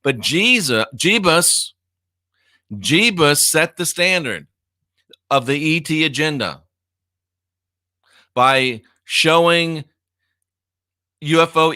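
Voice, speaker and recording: A middle-aged American man hosts a casual livestream in a bright, forceful voice, recorded close and dry. He talks in a sarcastic, mocking way, dropping to low mutters and then bursting out loud in disbelief. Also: no echo. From United States. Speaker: online show host.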